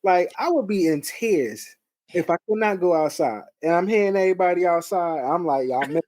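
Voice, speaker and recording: A man's voice: high-pitched, normal speed, a little mellow. A man in his thirties co-hosting a podcast in casual chat, talking emphatically with slang. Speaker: podcast co-host.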